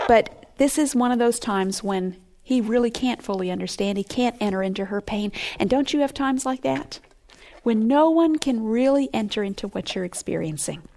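A middle-aged woman giving earnest, expressive Bible teaching, sometimes dropping to a hush. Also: fairly high pitch.

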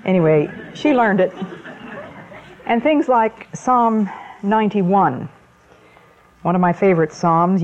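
A woman preaching an evening sermon talk in a slow, deliberate manner, with weighty pauses between phrases. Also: mid-range voice, darkish tone. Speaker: Christian speaker. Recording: muffled lo-fi recording.

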